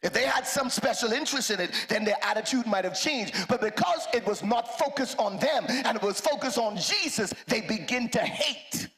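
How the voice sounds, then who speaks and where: A male pastor preaching a rousing call-and-response sermon, breaking into shouts and playful asides. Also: extremely high pitch, expressive, moderate pace, hardly any pauses. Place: church sanctuary.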